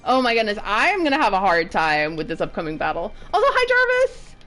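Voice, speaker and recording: A woman's voice: medium pitch, sing-song, fast talker, fairly bright tone, faint music behind. A woman in her thirties chatting casually while streaming a game, giggly and playfully swearing. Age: 30s. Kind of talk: casual gameplay commentary.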